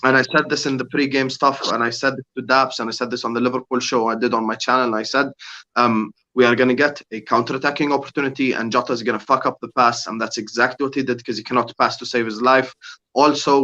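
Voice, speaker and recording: A man's voice: medium pitch, fairly even intonation, quick pace, pushed and bright, muffled recording. A man chatting casually about football on a panel, blunt and exasperated, repeating himself.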